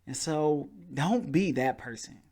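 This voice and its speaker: A man's voice: on the high side, takes it slowly. Chatty man hosting a podcast. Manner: conversational, animated, acts out quoted people. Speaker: podcast host. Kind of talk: casual storytelling monologue.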